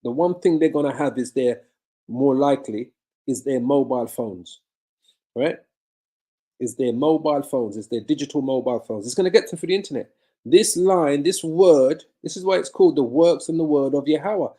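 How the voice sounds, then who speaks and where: A man's voice: mid-range voice, normal speed, mellow. A man preaching a sermon-style Bible lesson on a live video from his home. He asks rhetorical questions, answers them himself, and repeats phrases for emphasis.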